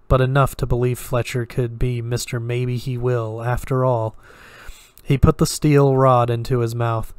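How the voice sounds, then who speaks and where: A man reading a horror story aloud in a measured, steady way, with occasional slips. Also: mid-range voice, clear, resonant tone, dry recording. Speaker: story reader.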